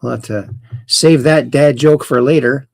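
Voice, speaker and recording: A man's voice: mid-range voice, measured pace, creaky, a little mellow, no echo. A middle-aged man hosting a livestream, rambling with dad jokes and reading out viewers' chat greetings. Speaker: host. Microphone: close camera mic.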